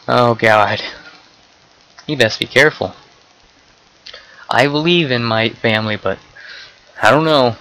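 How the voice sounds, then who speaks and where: A young man giving casual, excitable commentary while playing an online game, often swearing and exclaiming at what happens. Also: mid-range voice, measured pace, long pauses, poor audio. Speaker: gameplay commentator.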